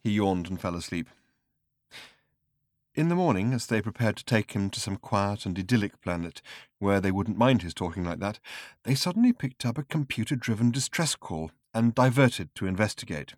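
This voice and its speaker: A man narrating a story in a dry, measured storytelling voice. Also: lowish voice, no room sound. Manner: dry, measured storytelling with varied expressive delivery. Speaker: audiobook narrator. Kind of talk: scripted narration.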